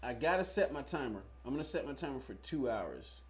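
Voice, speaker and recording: A man's voice: medium pitch, sing-song, fairly quick. A man streaming a racing game, chatting casually with viewers and thinking aloud as he plays. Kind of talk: casual live-stream chat while playing.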